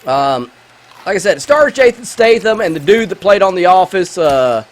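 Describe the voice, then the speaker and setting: Man, gaming host, high voice, swooping delivery, joking and excitable, addresses viewers. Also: normal speed. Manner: jokey and excitable, talks to viewers directly. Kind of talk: let's play commentary with movie review.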